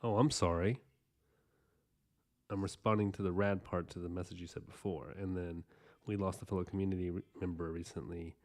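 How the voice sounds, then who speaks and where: Low-pitched dude streaming his drawing, chatty and rambly, lots of sorrys. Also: fairly even intonation, brisk, darkish tone. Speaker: artist streaming while drawing. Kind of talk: casual livestream chat with viewers.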